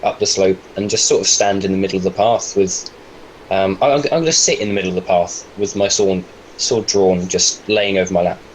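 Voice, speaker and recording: Male player, lowish voice, deliberate and unhurried, faint background noise. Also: fairly even intonation, poor audio. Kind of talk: in-character tabletop play.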